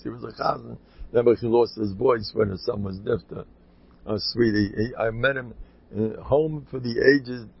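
An older man delivering a loose, story-filled Torah talk. His voice is gravelly and a little husky, and he rambles and repeats himself before breaking into high, loud urging. The recording is dull and lo-fi. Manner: rambling, repetitive, bursts into loud high exhortation. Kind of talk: informal Torah talk with stories.

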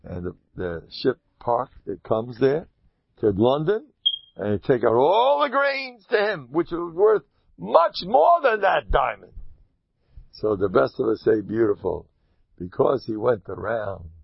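A man telling a folksy parable with a moral, animated and sprinkled with Hebrew and Yiddish terms. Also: medium pitch, unhurried, gravelly, slightly rough, dry recording, highs cut off. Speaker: storyteller giving moral advice.

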